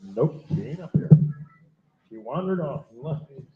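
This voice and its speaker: Older male auctioneer with a fast rhythmic chant and folksy drawl, lo-fi and roomy. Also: mid-range voice, sing-song. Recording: echoey dull live-stream audio.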